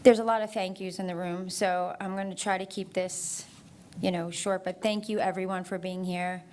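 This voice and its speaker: A woman's voice: fairly low pitch, level tone, moderate pace, a little mellow, a little hiss or hum. Earnest woman giving a donor speech. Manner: earnest, heartfelt, reading a prepared text. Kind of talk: prepared ceremony speech.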